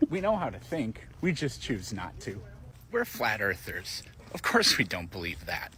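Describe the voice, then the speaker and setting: A man performs a smug flat-earther who reels off proud, sarcastic declarations in a comedic sketch. His delivery is deadpan, yet his pitch swings widely. A faint noise hums underneath. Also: unhurried, full character voice. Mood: deadpan mocking.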